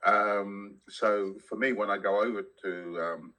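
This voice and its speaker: A man's voice: fairly low pitch, fairly even intonation, pushed and bright, low-quality recording. A man on a podcast chatting casually and jokily, often stopping and restarting his sentences. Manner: halting, restarts often, jokey. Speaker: podcast co-host.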